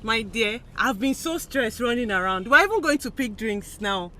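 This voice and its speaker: A woman playing an excited young bride-to-be greeting a friend. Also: fairly high pitch, normal speed, slight background noise. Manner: gushing, excited.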